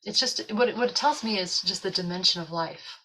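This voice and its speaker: A woman's voice: lowish voice, a little fast, a little hiss or hum, poor audio. A woman in casual chat, telling a story and acting out the voices of people in it. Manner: animated storyteller, acts out quoted voices.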